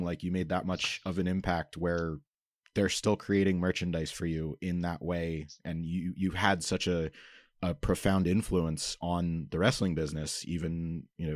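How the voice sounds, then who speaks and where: A man's voice: deep voice, no room sound, studio quality. A young man interviewing a guest, asking rambling questions full of fillers. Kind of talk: casual interview.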